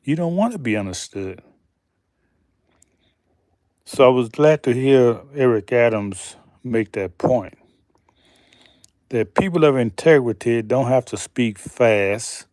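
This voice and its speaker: Guy ranting real slow n deliberate, lots of pauses, rhetorical questions, dry close sound. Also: mid-range voice, animated, darkish tone, no room sound. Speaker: channel host. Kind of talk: slow deliberate commentary monologue.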